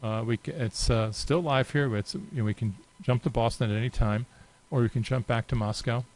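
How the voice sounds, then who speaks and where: A man narrating a software walkthrough in an easy, unscripted way. His voice sits in an ordinary middle pitch, and he pauses often with fillers as he clicks around. He keeps a relaxed, conversational tone throughout. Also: low-quality recording. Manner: casual and unhurried, many filler pauses. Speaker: software demo presenter. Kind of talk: unscripted screen-share walkthrough.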